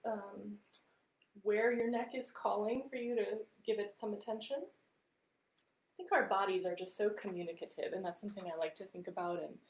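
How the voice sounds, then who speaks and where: A woman vocal coach leading a live-streamed warm-up with gentle, encouraging instructions. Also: medium pitch, roomy sound, rough recording.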